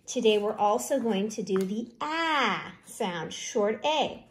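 A woman teaching a phonics lesson to young children, sounding out letters slowly and encouragingly. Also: mid-range voice, animated.

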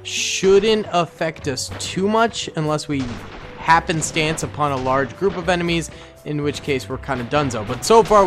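A young man giving excitable gameplay commentary as a gaming video host, breaking into loud reactions. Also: mid-range voice. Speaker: gaming YouTuber. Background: game music and gunfire.

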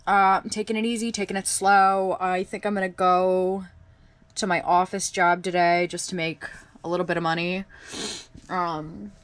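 A woman's voice: lowish voice, flat delivery, normal speed, dry recording. A woman in her twenties talking casually to the camera at home in a wry, self-deprecating video diary. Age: 20s. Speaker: vlogger. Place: at home, indoors.

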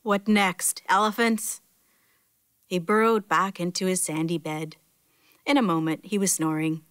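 A woman reading a children's picture book aloud at storytime, clear and expressive. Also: on the low side, normal speed, dry recording, clean studio sound. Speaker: storytime reader.

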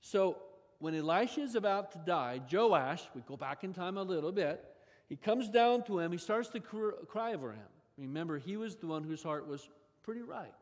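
A pastor preaching a sermon, his delivery expressive, with his voice often rising suddenly in pitch and volume. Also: normal speed. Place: large church sanctuary. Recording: long church hall reverb.

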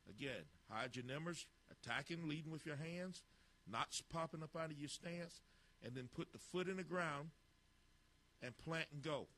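A man's voice: a little high, moderate pace, fairly bright tone. A man coaching football, narrating drill footage with blunt, clipped instructions and critiques.

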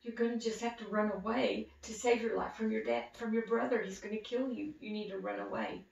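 A worried mother pleads earnestly and urgently, as a woman puts her on. Her voice has a gravelly fry. It sounds echoey and muffled, from some distance. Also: a little high, expressive, brisk, darkish tone. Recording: echoey room, distant dull mic.

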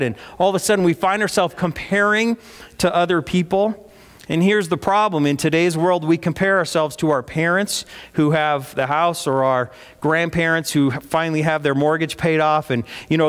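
A pastor delivering a sermon in a conversational way, putting questions to the congregation. His male voice sits fairly high. A long church-hall reverb trails each phrase. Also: moderate pace. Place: church sanctuary.

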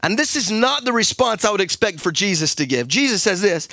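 A male pastor preaching a sermon at a church service, emphatic, repeating words and building up to shouts. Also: high-pitched, sing-song, a little fast, few pauses, dry recording.

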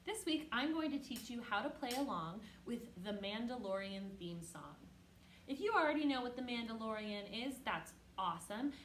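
Teaching kids music online, a woman encourages them patiently, keeping her words slow and clear. Her voice is fairly high and fairly bright, and the audio carries some hiss or hum, a roomy echo and faint music underneath.

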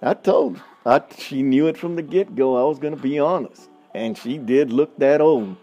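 A blunt, folksy man talks straight to his listeners in a relaxed, storytelling way, chuckling as he goes. His voice is mellow and warm, and faint music plays underneath. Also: medium pitch, normal speed, highs cut off. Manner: blunt, folksy, laughs often, addresses listeners as y'all. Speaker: podcast host. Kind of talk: casual storytelling monologue.

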